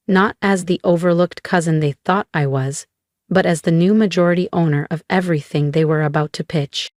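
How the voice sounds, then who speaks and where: A woman reads a first-person story aloud in a calm, measured voice. Her voice sits on the low side for a woman. The recording is dry and close, with no room sound. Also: no room sound. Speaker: narrator.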